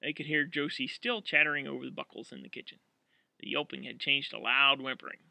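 A man narrating an audiobook in an expressive, dramatic way. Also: a little high, quick pace, vocal fry, no echo.

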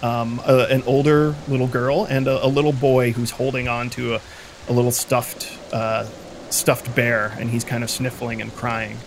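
Game master, male, mid pitch, halting narration with lots of ums, light rain behind. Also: little pitch movement, creaky, slight background noise. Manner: halting, many fillers and restarts.

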